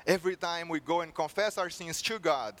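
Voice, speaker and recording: A man's voice: on the high side, fairly quick, fairly bright tone. A male preacher delivering a sermon with earnest storytelling and rhetorical questions.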